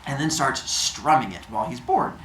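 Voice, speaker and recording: Man, goofy storyteller, lively pitch, echoey room. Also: moderate pace, a little hiss or hum. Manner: goofy, animated, silly noises. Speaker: storyteller host. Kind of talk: comic myth retelling with sound effects. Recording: roomy echo.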